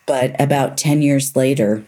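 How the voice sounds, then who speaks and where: A middle-aged woman, a neuropsychologist guest, speaking earnestly and candidly about her past. She slows down to stress her key points. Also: very deep voice, warm tone. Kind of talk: personal storytelling in a conversation.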